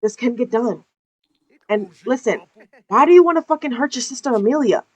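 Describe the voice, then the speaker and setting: A woman's voice: fairly high pitch, expressive, a little fast, a little mellow, husky, voice pushed up. A woman voicing a cocky male mafia boss, brash and swearing, calling people bro.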